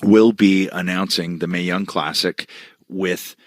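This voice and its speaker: A man from Canada co-hosting a podcast, joking around in casual chat and laughing loudly. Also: sits low, fairly even intonation, measured pace, no room sound. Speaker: podcast co-host.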